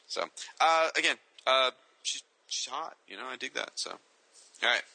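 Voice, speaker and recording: Guy cohosting a comics chat, super bright voice, swings up and down, rants a lot. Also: mid-range voice, normal speed, creaky, no room sound, rough recording. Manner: animated, opinionated, ranting. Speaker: co-host.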